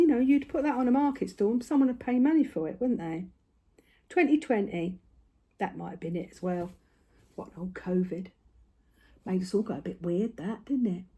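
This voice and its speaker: This craft vlogger is an older woman with a husky, dark-toned, mid-range voice. Speaking casually to camera from a room in her home, she rambles along slightly breathless and keeps adding tag questions.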